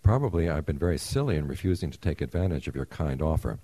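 A man's voice: rumbling low, expressive, quick pace, warm tone, no echo. A man reading aloud as a humble, earnest embryo who will become the first man, polite and formal. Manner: polite, careful, formal pleading.

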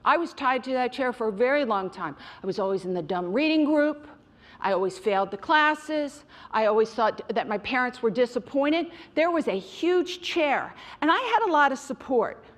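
A woman's voice: sits high, lively intonation, normal speed. Emphatic woman giving a mindfulness talk. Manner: direct, emphatic, addresses listeners as you guys. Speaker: mindfulness speaker. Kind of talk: motivational talk to an audience.

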